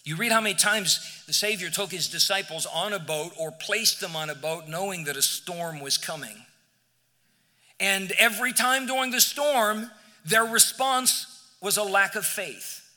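A male pastor preaching a sermon in a church, emphatic, moving from near-shouts to hushed, quiet passages. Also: high voice, a little slow, in a large hall. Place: church sanctuary.

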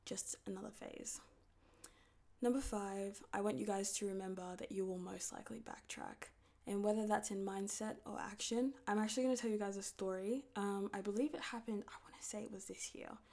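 A woman's voice: mid-range voice, creaky, darkish tone. Candid young woman. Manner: candid, rambling, with many fillers. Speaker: video creator. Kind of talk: casual advice talk.

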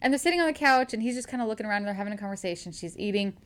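A young woman co-hosting a book podcast, recapping a romance novel in casual chat, animated and laughing often as she quotes the characters. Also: mid-range voice, rapid-fire.

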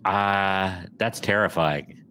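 A man's voice: low voice, slow pace, pushed and bright, slight background noise. A man co-hosting a podcast in casual chat, joking around and slipping into silly voices. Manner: jokey, slips into silly voices and bits. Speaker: podcast co-host.

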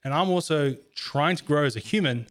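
A man's voice: fairly high pitch, fairly quick. A man chatting casually in an earnest, reflective way, telling stories about handling his own emotions. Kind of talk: casual chat.

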